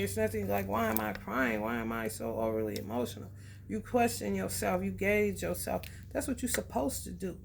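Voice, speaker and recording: A woman's voice: medium pitch, vocal fry, slight background noise. A woman giving a casual, blunt, profane astrology reading, preaching straight at her viewers. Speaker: tarot reader.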